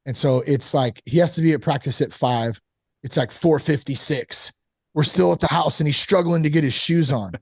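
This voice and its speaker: A man casually telling a candid personal story about fatherhood and recovery, animated, full of "like" and "you know". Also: fairly high pitch, moderate pace, creaky, dry recording, clean studio sound. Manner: candid, animated, acts out quoted voices; frequent fillers like "like" and "you know". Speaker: sober father on a recovery podcast.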